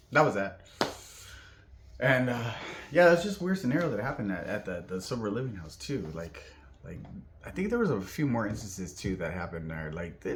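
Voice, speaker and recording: A man from Southern California telling a personal story in a rambling vlog, heavy on fillers and acting out the voices of the people in it. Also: fairly low pitch. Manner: filler-heavy, animated, acts out quoted voices. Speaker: vlogger.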